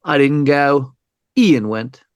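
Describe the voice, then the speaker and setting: A man voicing a calm, self-absorbed British killer in a casual, chatty manner. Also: on the high side, slow, smooth, no room sound.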